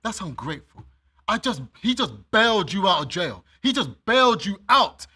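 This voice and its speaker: A man's voice: high-pitched, sing-song, normal speed, pushed and bright, slightly rough. A man preaching a sermon. He reads scripture aloud, explains it, and speaks straight to his listeners with everyday examples. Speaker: minister.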